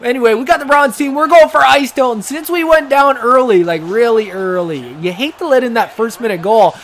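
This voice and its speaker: A young man giving rambling, joking commentary over his own hockey video game match, cursing and getting excited. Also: very high voice, brisk. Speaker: gaming commentator. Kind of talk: casual gameplay commentary.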